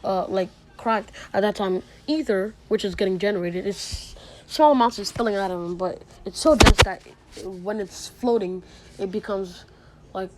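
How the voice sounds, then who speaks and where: A woman's voice: mid-range voice, moderate pace, background noise. A woman casually retelling a made-up fantasy story, rambling with many fillers, restarts and asides.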